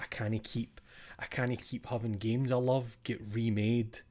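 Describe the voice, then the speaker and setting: A man's voice: lowish voice, breathy edge. A man casually chatting on a live stream into a desk microphone, reading out viewer names.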